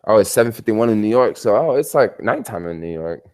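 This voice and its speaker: A man's voice: on the low side, expressive, a little fast, a little mellow. A man chatting casually on a livestream from his hotel bedroom, telling stories in a rambling, slangy way. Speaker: travel vlogger.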